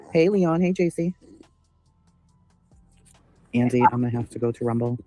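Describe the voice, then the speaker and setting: A man's voice: mid-range voice, moderate pace, long pauses, mellow, soft background music. A man hosting a casual livestream, ranting with heavy swearing while greeting chat members by name. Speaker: livestream host.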